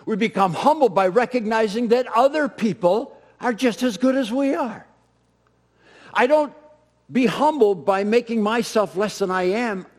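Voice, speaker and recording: A high-pitched man delivers a sermon with dramatic swings in volume, punching key words loudly and then dropping almost to a whisper. He mixes in self-deprecating humor and laughs at his own stories. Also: measured pace. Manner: dynamic delivery, swinging from loud emphatic peaks to soft near-whispers. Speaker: pastor.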